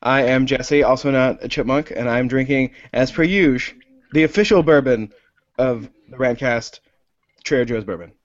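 A man's voice: mid-range voice, normal speed, no room sound, highs cut off. A man co-hosting a casual podcast, rambling and joking at his own expense. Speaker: podcast co-host.

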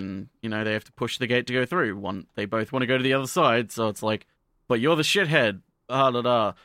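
A man's voice: mid-range voice, sharp tone, smooth, dry recording, studio quality. A man co-hosting a casual anime podcast. He rambles with lots of "like" fillers and recaps scenes by acting out the characters' lines. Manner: rambling, heavy use of "like" fillers. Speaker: podcast co-host.

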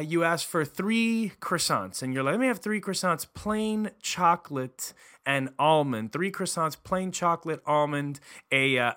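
A man hosting his own podcast as a title attorney, venting and telling stories in a casual, animated monologue. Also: on the high side. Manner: animated storyteller, acts out voices.

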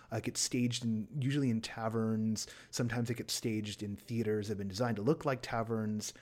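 A man's voice: fairly low pitch, a little mellow. A man hosting a podcast in a casual chat, running through event listings with playful, self-mocking asides. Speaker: podcast host.

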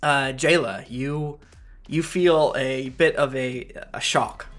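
A man narrating a tabletop game as game master, improvising with many halting restarts. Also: mid-range voice, fairly even intonation, fairly bright tone, soft background music.

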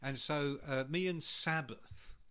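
A man's voice: fairly high pitch, takes it slowly, bright, forceful tone, clear, resonant tone. A man telling a long backstage anecdote in casual chat, swearing freely and acting out the people in it. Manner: swearing storyteller who acts out voices. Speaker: podcast co-host.

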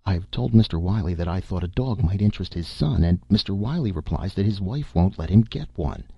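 A man reading the part of a stern, blunt woman nurse, with pointed, crisp questions. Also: low-pitched, lively intonation, a little fast, dark tone, dry recording, lo-fi sound, heavily acted. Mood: sharp.

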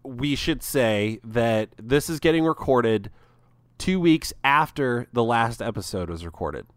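A man's voice: mid-range voice, lively intonation, a little slow, dry recording, clean studio sound. A young man co-hosting a podcast, talking loosely in casual banter with lots of fillers. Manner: loose, filler-heavy, chuckling. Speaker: podcast co-host.

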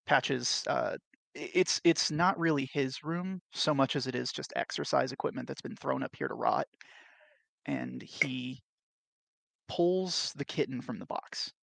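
Man, tabletop player, casual narration, gravelly, mid pitch, dry. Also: expressive, a bit bright, dry recording. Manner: casual, unhurried, detailed. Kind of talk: describing his character's actions in a tabletop game.

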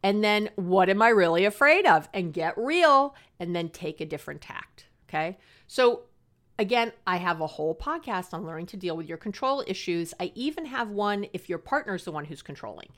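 A woman's voice: mid-range voice, lively intonation, normal speed, fairly bright tone. Middle-aged woman podcast counselor, mid-range voice, chatty, earnest, self-mocking. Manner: chatty, earnest and passionate, laughs at herself. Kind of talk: casual advice podcast monologue.

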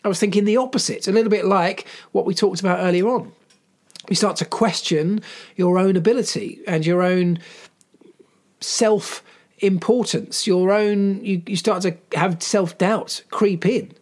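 A man's voice: sits high, unhurried. A middle-aged man, a former mechanic, telling a personal story in an earnest, emphatic way and repeating phrases for weight. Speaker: former Formula One mechanic.

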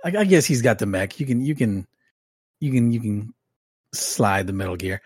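A man's voice: on the low side, animated, normal speed, a little mellow, husky, dry recording, studio quality. A man co-hosting a podcast, reading a recap aloud with wry joking asides. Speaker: podcast co-host.

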